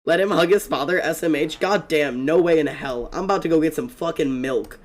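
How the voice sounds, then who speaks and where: Excitable, profane young streamer guy. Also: on the high side. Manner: excitable and profane, fast rambling storytelling with many fillers. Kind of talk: casual gaming stream chat.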